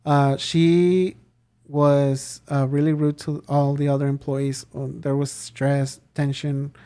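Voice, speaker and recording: A man's voice: a little high, slow, clear, resonant tone. A young man from Mexico, a podcast guest, telling a story in casual chat and acting out the people in it. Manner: animated, acts out quoted voices.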